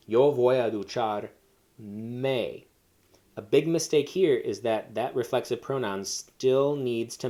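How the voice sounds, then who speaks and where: A man's voice: medium pitch, dark tone. A man teaching a Spanish lesson, explaining step by step with fillers and self-corrections. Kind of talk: recorded classroom lesson.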